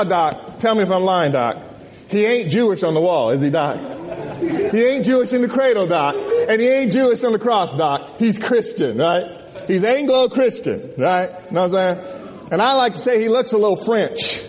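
A man preaching a sermon at a conference, animated and folksy, firing questions at the crowd. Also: high-pitched. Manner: animated, call-and-response questions, folksy slang. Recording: long hall reverb.

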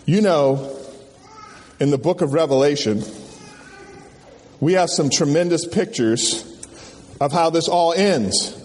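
A man preaching a sermon at a conference, animated and folksy, firing questions at the crowd. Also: a little high, takes it slowly, long pauses, a little hiss or hum. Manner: animated, call-and-response questions, folksy slang. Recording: long hall reverb.

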